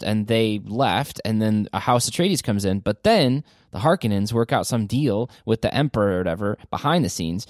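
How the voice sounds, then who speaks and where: Guy hosting a movie podcast, lively, voice jumps up high when excited, dry close sound. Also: no echo. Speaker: podcast host. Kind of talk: casual movie chat.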